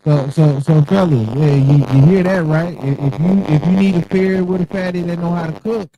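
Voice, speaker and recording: Dark-toned young man bantering, slightly dull audio. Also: fairly high pitch. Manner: playfully defensive, halting. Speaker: guest, host's nephew. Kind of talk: casual banter.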